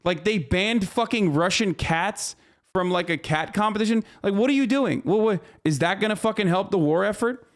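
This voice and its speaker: Speaking at normal speed with a voice that sits high, a man gives casual live-stream commentary. His delivery is an exasperated, profane, rambling rant full of restarts.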